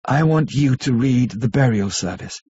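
Guy doing a devoted young wife, earnest and solemn, husky, kinda dull lo-fi audiobook sound. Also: medium pitch, lively intonation, normal speed. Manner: earnest, pleading, softly solemn. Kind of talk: audiobook character reading.

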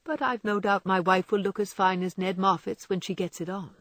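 A woman voicing a young husband in a storybook reading, speaking low, quiet and dry. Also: fairly even intonation, brisk, no room sound, close to an everyday voice. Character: young husband, good-humoured but hurt.

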